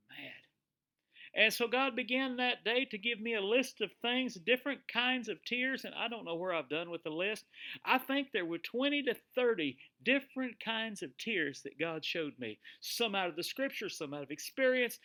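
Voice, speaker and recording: A man's voice: high voice, bright, forceful tone. A man, the pastor of a small church, preaching a conversational sermon and telling personal stories while asking his listeners questions. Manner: folksy, with many fillers like "you know". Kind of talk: conversational live-streamed sermon.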